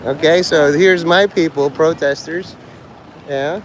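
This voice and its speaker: A man's voice: fairly high pitch, fairly even intonation, slow, noisy background. A man livestreaming outdoors on a city street, rambling crudely and joking provocatively.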